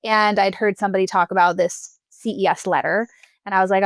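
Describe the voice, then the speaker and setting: A woman's voice: medium pitch, steady tone, fairly quick, no echo. A young woman guest in a casual interview, chatty, laughing often and filling her talk with "like" and "you know.". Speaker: podcast guest.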